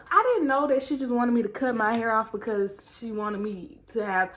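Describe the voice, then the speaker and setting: A young woman chatting casually in a vlog, telling a story in an animated way and acting out her own quotes. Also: a little high, moderate pace, few pauses. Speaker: vlogger.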